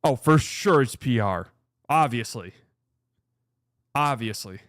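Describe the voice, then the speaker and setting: A man's voice: medium pitch, expressive, slow, fairly bright tone, dry recording, studio quality. A man hosting a casual sports commentary show, sarcastic and blunt, swearing freely. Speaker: host.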